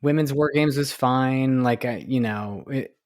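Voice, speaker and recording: A man's voice: medium pitch, a little slow, dry recording. Laid-back man chatting with lots of likes. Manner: relaxed, filler-heavy talk with frequent likes. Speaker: podcast co-host. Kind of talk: casual chat.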